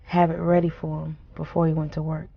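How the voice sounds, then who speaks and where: Brief: a grieving wife, low-pitched, halting and reflective, on a dull recording with light hiss. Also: female voice, monotone, creaky. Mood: wistful. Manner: reflective, halting, soft-spoken. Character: grieving wife remembering her late husband. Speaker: grieving widow. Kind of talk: film monologue.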